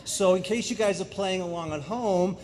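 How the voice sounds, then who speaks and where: A middle-aged man from England speaks to a school audience, full of energy and jokes and talking straight to the crowd. His pitch sits a little above the usual for men, and a faint rumble runs underneath him. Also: moderate pace. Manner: energetic, jokey, addresses the audience directly. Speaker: guest speaker. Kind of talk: lively public presentation. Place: high school auditorium.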